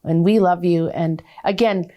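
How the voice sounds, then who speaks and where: A woman's voice: fairly low pitch, fairly even intonation, unhurried, dark tone. Effusive woman hosting a faith talk show. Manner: effusive, affectionate, exclamatory.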